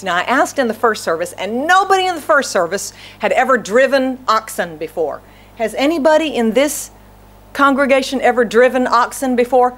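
A woman's voice: fairly high pitch, expressive, moderate pace, fairly bright tone. A woman pastor preaching an earnest, conversational sermon, often asking the congregation questions.

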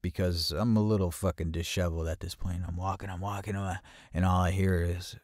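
A man with a very low, deep voice recounts a story in a loose, conversational way, swearing often and stumbling back over his words. The sound is close and dry, with no room around it. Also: little pitch movement, fairly quick, no room sound. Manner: profane, with frequent restarts and repeated words; grows louder and higher at tense moments. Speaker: podcast host telling a personal story. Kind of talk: casual first-person storytelling.

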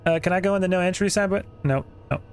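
A man's voice: high-pitched, fast talker, clean tone. A man hosting a gaming channel, giving casual, joking running commentary as he plays. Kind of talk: let's play commentary. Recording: game audio playing behind.

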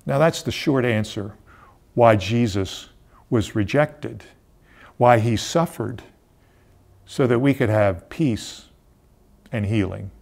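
A man preaching a sermon as pastor, stressing lines hard and then dropping low. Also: takes it slowly, gravelly, pauses often. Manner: emphatic, repeats words, swings between loud stresses and quiet drops.

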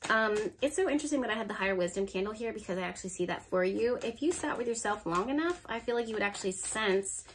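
A woman's voice: medium pitch, animated, quick pace, hardly any pauses, slight background noise. A woman giving a casual tarot reading to camera, chatty and encouraging, talking straight to her viewers. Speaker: tarot reader.

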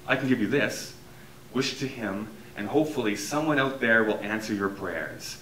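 A man doing a low, somber Santa Claus. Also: expressive, moderate pace, a bit bright, a little hiss or hum. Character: weary, gentle old Santa Claus. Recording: echoey room from far off.

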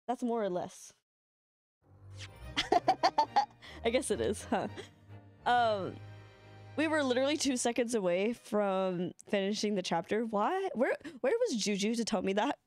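A woman's voice: medium pitch, lively intonation, a little slow, long pauses, darkish tone. A young woman streamer chatting casually through a let's-play, swearing and laughing often. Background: faint game music.

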